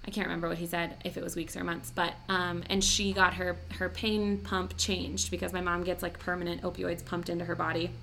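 Bright-voiced chatty young woman. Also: fairly low pitch, flat delivery, fairly quick, vocal fry, hardly any pauses, a little hiss or hum. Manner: chatty, emotional storytelling full of "like". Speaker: podcast host. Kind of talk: casual podcast chat.

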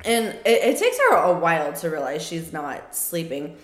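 A woman co-hosting a casual podcast chat, chatty and quick with laughing asides. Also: low voice, huge pitch swings, reverberant. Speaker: podcast co-host.

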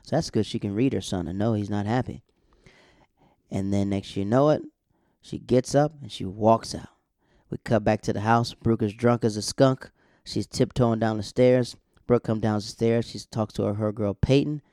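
Young male recap host, warm low-key voice, chatty and rambling, dry close sound. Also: fairly even intonation, normal speed, dry recording. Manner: rambling, chatty, self-correcting asides. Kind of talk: casual episode recap.

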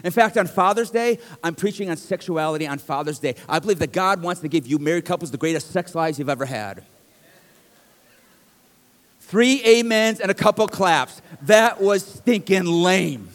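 A man's voice: a little high, lively intonation, moderate pace, big-room sound. A middle-aged male pastor preaching a sermon in a conversational, joking way that rises to emphatic bursts, in a church. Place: church sanctuary.

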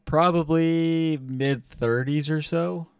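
Young man telling a story, loud and profane. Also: a little high, slow pace, smooth, far from the mic. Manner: animated, profane, acts out quotes loudly. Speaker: podcast co-host. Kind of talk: casual storytelling chat.

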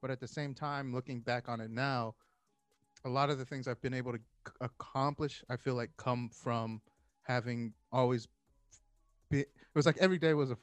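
A man's voice: mid-range voice, moderate pace, clear, resonant tone, dry recording, faint music behind. Laughing man telling a story. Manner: animated storyteller, acts out quotes, laughs often. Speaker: podcast co-host telling a story. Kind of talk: casual storytelling chat.

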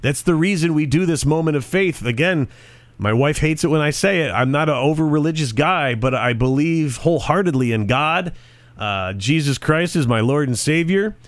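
A man's voice: a little high, animated, normal speed, no echo. A man co-hosting a podcast in casual chat, telling stories in a rambling, conversational way with frequent restarts. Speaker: podcast co-host.

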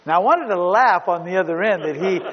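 A middle-aged male pastor preaching with a slightly high voice, emphatic and given to repeating himself. He tells a story as he goes. The recording is dull and lo-fi, with a long reverb from a large hall. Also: lively intonation, a little fast. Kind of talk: sermon.

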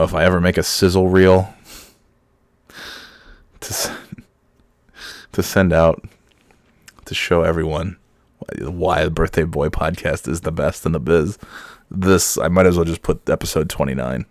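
A man's voice: rumbling low, creaky, no echo, clean studio sound. A middle-aged man hosting a solo podcast from home, sick and half awake, holding back coughs and rambling with self-mocking chuckles. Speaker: podcast host. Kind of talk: casual solo podcast monologue. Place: home with kids heard in the background.

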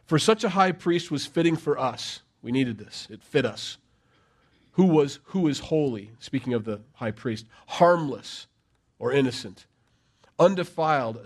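A middle-aged man preaching a sermon, conversational and emphatic, with rhetorical questions. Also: on the high side. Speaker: pastor.

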